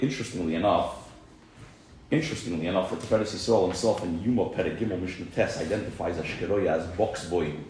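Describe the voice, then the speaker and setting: Deep-voiced man lecturing in an echoey room. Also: a little hiss or hum. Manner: animated, explains at length with religious terms. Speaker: class teacher. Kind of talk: lecture to a small group. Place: room around a table. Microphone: phone recording on the table.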